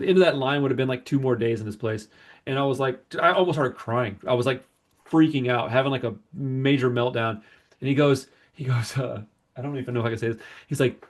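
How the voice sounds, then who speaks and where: A man's voice: medium pitch, fast. A man on a podcast telling a long personal story in casual chat, rambling and acting out the people he quotes. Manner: rambling, animated retelling with quoted voices. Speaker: podcast host.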